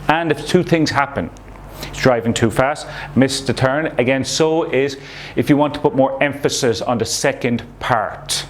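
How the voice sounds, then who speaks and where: A man's voice: medium pitch, a little hiss or hum. A man teaching a recorded English lesson to young pupils, explaining patiently and checking in with "okay?" as he goes. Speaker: primary school English teacher.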